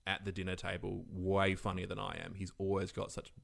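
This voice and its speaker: A man's voice: deep voice, monotone, brisk, creaky. A man from Western Australia, a podcast guest chatting casually and rambling through stories. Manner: rambling, laughing, trails off mid-sentence. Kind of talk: casual chat.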